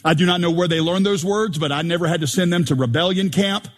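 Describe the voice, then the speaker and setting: Pastor, male, high husky voice, animated joking sermon delivery, long reverb. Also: quick pace. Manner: animated, joking, rhetorical questions.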